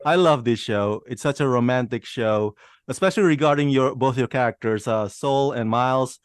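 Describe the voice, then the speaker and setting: Host, male, upbeat and talkative, mid pitch, dry mic. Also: moderate pace, clear, resonant tone, dry recording. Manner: enthusiastic, chatty. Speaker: interview host. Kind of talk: video interview questions.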